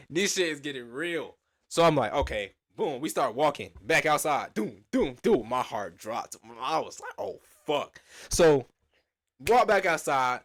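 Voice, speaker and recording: A man's voice: fairly high pitch, moderate pace, no echo, clean studio sound. A young man from Atlanta, telling a casual slangy story and acting out the quotes. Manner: animated slangy storytelling with lots of acted-out quotes. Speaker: storyteller vlogger.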